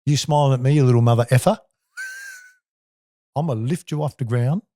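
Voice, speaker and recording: A man's voice: mid-range voice, brisk, dark tone, a little hiss or hum, lightly acted. A man in his sixties imitating a towering male basketball star who threatens him with profane street-style trash talk. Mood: menacing.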